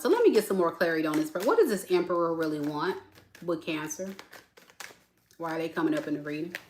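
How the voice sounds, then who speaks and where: A woman doing a casual tarot reading for viewers, chatty and animated, calling them "y'all.". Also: low voice, fast, a little hiss or hum. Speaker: tarot reader.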